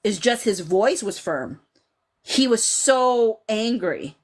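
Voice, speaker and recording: In a slightly high voice, taking it slowly, a thirties-aged woman hosts a casual live stream podcast and answers the chat. She's chatty and animated, leaning on "like" and "you know," and drops into dramatic quotes from the scenes she describes.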